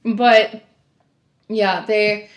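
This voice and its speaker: A woman's voice: medium pitch, very slow. A young woman, a former sheriff's deputy telling stories in a casual podcast chat and acting out the dialogue. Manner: animated storyteller, acts out quoted dialogue, laughs often. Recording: echoey room.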